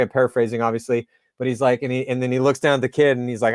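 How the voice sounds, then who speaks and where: A man hosting a casual sports interview, chatty and animated, telling stories in casual slang. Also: medium pitch, fast, dry recording, clean studio sound.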